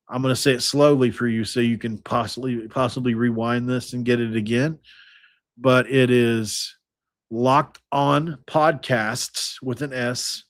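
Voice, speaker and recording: A man's voice: medium pitch, dry recording. A man hosting a sports podcast, signing off in a loose, rambling way with lots of fillers and restarts, close to the mic. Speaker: podcast host. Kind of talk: casual podcast sign-off.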